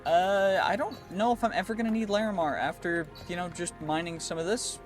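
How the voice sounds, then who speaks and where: Chatty man narrating gameplay over music. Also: high voice. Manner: chatty, thinks aloud while playing, quick reactions. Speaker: gaming channel host. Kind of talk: gameplay commentary. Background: background music.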